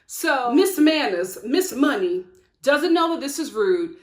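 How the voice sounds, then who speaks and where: A woman's voice: high voice, a little slow. Sassy outspoken woman recapping TV. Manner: animated, outspoken, laughs often. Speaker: TV reality show reviewer. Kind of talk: sassy recap commentary to camera. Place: home studio with lights. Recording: echoey room.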